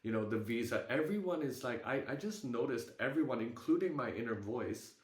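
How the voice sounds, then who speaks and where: A young man on a video call tells a personal story in a candid, halting way. He swears casually as he talks, and his voice sits at an ordinary pitch. The sound has a roomy echo. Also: expressive. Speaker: group call participant.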